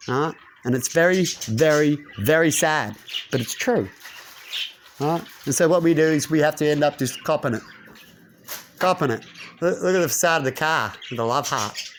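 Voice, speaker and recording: A man's voice: a little high, slight background noise. Rambling man ranting. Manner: rambling, rhetorical, keeps tagging "right?". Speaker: channel host. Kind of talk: ranting monologue to camera.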